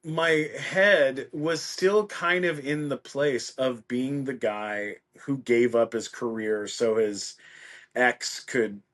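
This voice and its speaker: A middle-aged man telling a story as a podcast guest, acting out the people he quotes with lively voices. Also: mid-range voice, takes it slowly. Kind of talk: casual anecdote.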